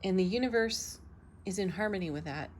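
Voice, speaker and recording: A woman host giving a daily tarot reading, speaking in a slow, soothing and affirming way, with soft laughs between cards. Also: mid-range voice, a little hiss or hum. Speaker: tarot reader, channel host.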